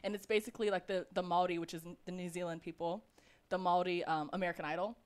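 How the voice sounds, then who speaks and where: A woman's voice: fairly low pitch, fairly even intonation, racing, clear, resonant tone. A woman singer-songwriter from New Orleans, chatting in a rambling, easygoing way as a guest on a radio show. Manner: chatty, rambling storyteller, laughs easily. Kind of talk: casual chat on radio. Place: radio studio.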